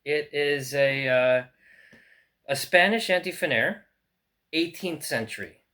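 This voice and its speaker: A man's voice: on the high side, slow, pushed and bright. A man talking casually as he unboxes and shows old books, thinking aloud with many fillers and restarts. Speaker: book collector. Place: in France.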